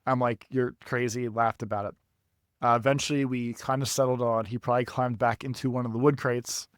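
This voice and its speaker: A young man on a podcast telling a long story casually, animated and profane, laughing at himself. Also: mid-range voice, fairly quick, clear, resonant tone, no room sound, clean studio sound. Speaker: podcast co-host.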